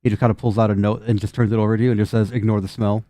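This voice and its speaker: A man's voice: lowish voice, little pitch movement, rapid-fire, mellow, dry recording, studio quality. A man running a tabletop game, talking casually and repeating words as he explains rules. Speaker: game master.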